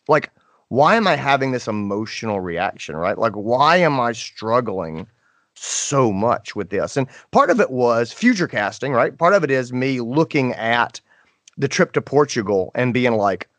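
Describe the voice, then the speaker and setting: A middle-aged man co-hosts a podcast, telling a story in a loose, chatty way. His pitch swings widely, and he jumps into high voices when he quotes people. The sound is dry and close to the mic. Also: fairly bright tone, no echo. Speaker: podcast co-host. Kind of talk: casual storytelling chat.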